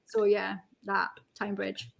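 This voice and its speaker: A woman's voice: mid-range voice, monotone, vocal fry. A woman in her thirties from the North East of England with a Geordie accent, chatting as a guest in a frank, joking way and laughing often. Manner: frank, jokey, quick to laugh. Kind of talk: casual chat.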